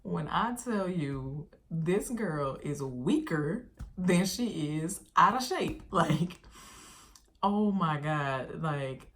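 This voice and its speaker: A woman vlogger telling a casual storytime, chatty and slangy, talking straight to her viewers. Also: sits low.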